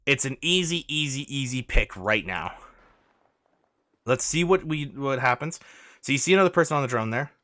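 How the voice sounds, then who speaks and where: A man's voice: medium pitch, expressive, moderate pace, pushed and bright, no room sound, studio quality. A man coaching over gameplay footage, urgent and insistent, repeating his instructions and pleading with the player. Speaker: gaming coach.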